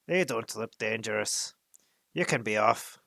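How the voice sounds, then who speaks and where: A man voicing a huge, gruff bearded giant who talks bluntly and loudly. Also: lively intonation, a little slow, no echo, clean studio sound, exaggerated voice. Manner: gruff, booming.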